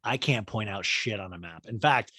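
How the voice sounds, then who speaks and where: A man's voice: on the low side, normal speed, bright, forceful tone, no echo. Rambling, self-mocking male podcast host. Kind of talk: comedic TV recap.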